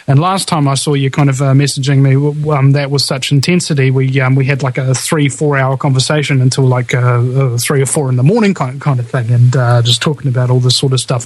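A man's voice: a little high, dry recording, rough recording. A man hosting a casual online show, rambling with many restarts. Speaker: show host.

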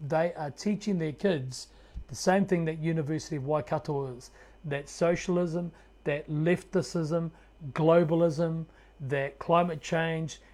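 Kiwi guy ranting on his video channel, sarcastic and fired up, kinda high voice for a man. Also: fairly even intonation, measured pace, darkish tone. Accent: New Zealand. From New Zealand. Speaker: political commentator. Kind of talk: opinionated video commentary.

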